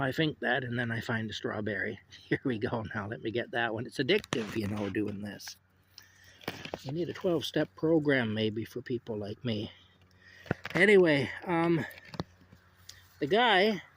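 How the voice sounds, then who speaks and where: A man's voice: medium pitch, a little hiss or hum. A man telling a casual work anecdote outdoors in a rambling way, with frequent fillers, repeating himself as he goes. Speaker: storyteller. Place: outdoors while picking strawberries.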